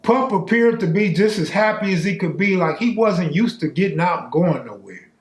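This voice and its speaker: A man's voice: high-pitched, lively intonation, normal speed, slightly rough. A man telling a true street story in a casual, slang-filled conversational way.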